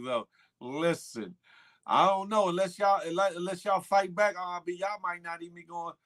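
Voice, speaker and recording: Fairly high and a little bright, this man's voice carries a casual morning livestream. Reading from live chat, he talks back to viewers and says things twice for emphasis.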